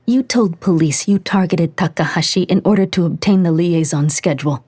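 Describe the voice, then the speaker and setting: A woman's voice: lowish voice, moderate pace, mellow, slightly rough. A woman narrator voicing a female lieutenant interrogating a suspect in a clipped, level tone. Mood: cold. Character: controlled female lieutenant, coldly angry.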